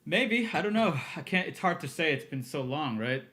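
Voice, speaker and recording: A man's voice: on the high side, normal speed. A man in his thirties, a guest on a podcast, telling stories casually with frequent laughs and acted-out quotes. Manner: animated storyteller, laughs often, acts out quotes. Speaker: podcast guest, music producer. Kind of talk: casual interview storytelling.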